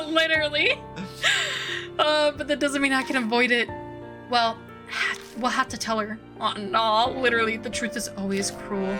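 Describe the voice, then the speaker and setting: A woman streamer who reads game dialogue aloud between casual, giggly, foul-mouthed reactions. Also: fairly high pitch. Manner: giggly, swears freely, reacts loudly. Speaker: streamer playing a visual novel. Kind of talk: reading game text aloud with casual commentary. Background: game music.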